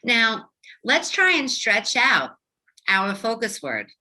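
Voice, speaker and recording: A woman teacher leading a young children's phonics lesson, speaking slowly and enunciating each sound clearly. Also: a little high, wildly swooping pitch, sharp tone. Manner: slow, clearly enunciated, sing-song teacher voice.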